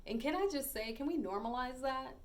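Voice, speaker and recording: This woman's voice sits high and sounds animated as she tells a personal story on her podcast. She's reflective and hesitant, with plenty of pauses and fillers.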